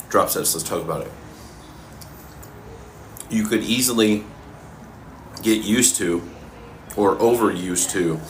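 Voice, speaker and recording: Low-voiced man eating on a live fitness Q&A. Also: slight background noise. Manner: relaxed, talks with his mouth full, pauses mid-sentence. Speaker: fitness coach answering live viewer questions. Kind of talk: casual live-stream Q&A while eating.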